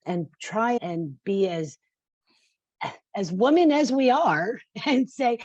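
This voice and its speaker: A woman's voice: a little high, expressive, unhurried, dark tone, no room sound, highs cut off. A woman in her fifties speaking as a podcast guest, passionate and emphatic, sometimes tearful. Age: 50s. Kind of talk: podcast interview.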